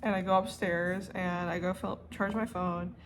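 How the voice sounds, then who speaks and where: A woman crochet vlogger telling a story to camera in a rambling, animated way, often stopping to correct herself. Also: on the low side, moderate pace, background noise. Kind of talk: casual storytelling vlog.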